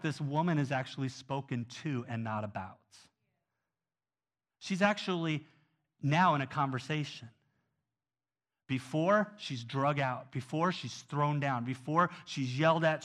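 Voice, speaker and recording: A man preaching a sermon in an earnest way, going from quiet, soft passages to loud, pressing ones. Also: medium pitch. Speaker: pastor.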